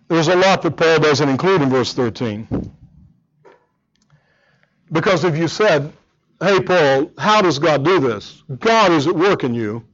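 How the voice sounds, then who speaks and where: A man's voice: a little high, muffled recording. A man preaching a sermon, earnest and emphatic, often repeating words as he drives a point home. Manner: earnest, emphatic, with frequent repetitions.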